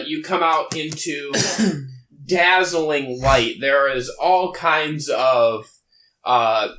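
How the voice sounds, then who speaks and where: Slow, bright-voiced male game master. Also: mid-range voice. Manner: halting, full of fillers. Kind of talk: narrating a tabletop game.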